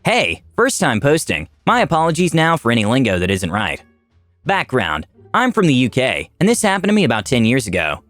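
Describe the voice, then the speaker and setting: A man narrating reddit stories aloud in a wry, expressive scripted reading. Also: medium pitch, brisk, dry recording. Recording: dry voice-over with faint music.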